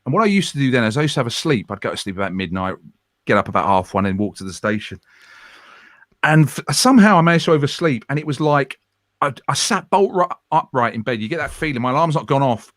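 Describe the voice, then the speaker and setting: A radio presenter in his forties chatting as a guest, telling self-deprecating stories with quick, lively asides. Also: medium pitch, dry recording, clean studio sound. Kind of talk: casual storytelling chat. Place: home room.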